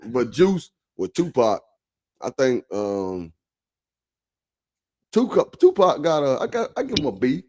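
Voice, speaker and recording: A man's voice: mid-range voice, big pitch swings, unhurried, long pauses, darkish tone. A man co-hosting a casual podcast, joking around and laughing often, with many fillers. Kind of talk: casual chat.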